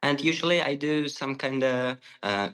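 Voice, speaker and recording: A man's voice: mid-range voice, animated, normal speed, fairly bright tone, clean tone, low-quality recording. A man whose first language is Uzbek answers English exam questions. He hesitates and restarts often. His grammar slips now and then. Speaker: IELTS test candidate.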